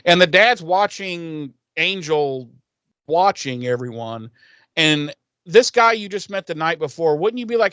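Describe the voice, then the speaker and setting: A man's voice: a little high, animated, a little slow, fairly bright tone, clear, resonant tone, no room sound. Podcast co-host, male, dry close sound, swears freely and jokes through the recap. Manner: profane, jokey, laughs often. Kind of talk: casual recap chat.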